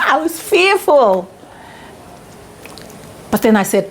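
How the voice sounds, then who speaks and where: A woman's voice: on the high side, slow pace, long pauses, slight background noise. Earnest woman giving a heartfelt testimonial. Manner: earnest, reflective, laughs when excited. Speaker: retreat graduate interviewee. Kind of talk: testimonial interview.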